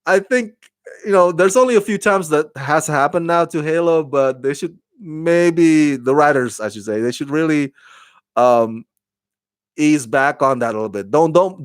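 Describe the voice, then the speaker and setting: A man's voice: medium pitch, clean tone, no room sound, clean studio sound. A man giving a casual, rambling review of a TV show, with lots of fillers and restarts.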